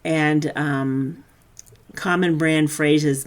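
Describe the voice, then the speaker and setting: A woman's voice: low-pitched, steady tone, slow pace. A woman talks through a branding lesson in a casual webinar. Her delivery is loose and chatty, as if she is thinking aloud. She turns direct and emphatic when she is coaching.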